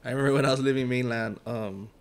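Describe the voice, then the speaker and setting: A man's voice: medium pitch, fairly even intonation, fast talker, clean tone. A young man from Hawaii with a Hawaiian Pidgin accent, co-hosting a casual podcast and telling stories with frequent laughter. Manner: laughs often while telling anecdotes. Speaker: podcast co-host. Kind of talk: casual chat.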